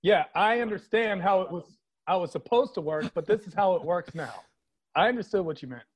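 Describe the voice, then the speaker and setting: High-voiced joking comedian man. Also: expressive, husky. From Washington, D.C. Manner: playful, jokey, quick asides and put-on voices. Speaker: comedian guest. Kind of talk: riffing podcast interview.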